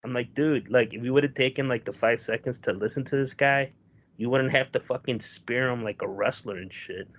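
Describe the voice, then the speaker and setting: A man's voice: medium pitch, a little fast, fairly bright tone. A young man co-hosting a podcast, telling a rambling, profane story in casual chat and acting out the people he quotes. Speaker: podcast co-host.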